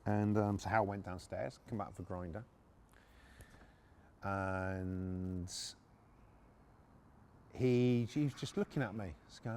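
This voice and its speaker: A man's voice: on the low side, slow, long pauses, dark tone. A middle-aged man, a podcast host and former repo man, telling a story casually and bluntly, swearing and restarting his sentences.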